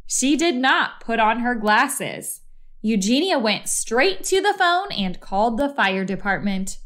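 Slow, expressive woman reading aloud. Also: a little high. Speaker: storybook reader. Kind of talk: reading a children's book aloud.

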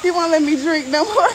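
A woman's voice: very high-pitched, noisy background. A woman teasing her partner playfully while they talk in a pool at night. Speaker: vlogger. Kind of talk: casual banter.

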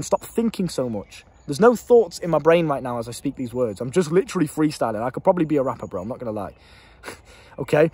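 A man's voice: a little high, darkish tone, breathy edge, dry recording. A young man giving blunt dating advice straight to camera, swearing freely and laughing at himself. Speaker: dating coach. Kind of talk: casual advice monologue to camera.

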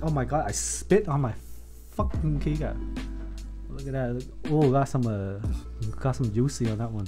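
A man's voice: mid-range voice, dark tone. A man chatting casually while building a keyboard on stream, laughing often and swearing freely. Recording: background music under voice.

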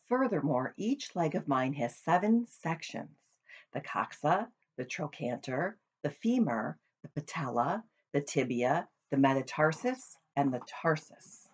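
A woman voicing a calm, patient female spider in a storybook reading. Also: deep voice, measured pace, slightly rough, exaggerated voice. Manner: calm, patient, gently instructive.

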